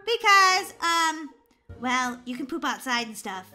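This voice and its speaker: A woman's voice: high-pitched, expressive, unhurried, pushed and bright, heavily acted. A woman voicing a silly young girl turned into a cat, giggly and goofy, full of meows. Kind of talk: voiced game role-play. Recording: music playing behind.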